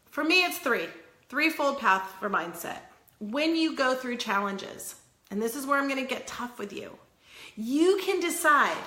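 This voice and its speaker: A woman giving an earnest, tough-love motivational talk, chatty with quick asides. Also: on the high side, sharp tone, reverberant, a little hiss or hum. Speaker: wellness vlogger.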